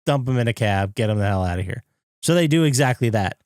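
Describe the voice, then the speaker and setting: A man co-hosting a podcast, retelling a movie scene by scene and jumping into high, excited impressions of the characters. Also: quick pace, dry recording, studio quality. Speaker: podcast co-host. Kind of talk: casual movie recap chat.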